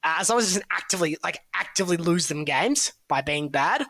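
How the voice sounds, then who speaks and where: Bright-voiced man. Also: fairly high pitch, lively intonation, fast talker, gravelly, dry recording. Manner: chatty, analytical, hedging with fillers. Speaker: football draft analyst, co-host. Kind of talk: casual podcast chat.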